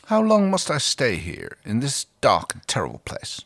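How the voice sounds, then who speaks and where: A man doing a despairing high-voiced clone. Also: huge pitch swings, normal speed, a bit bright, heavily acted. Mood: anguished. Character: brooding tormented male clone, despairing. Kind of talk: reading fan fiction aloud.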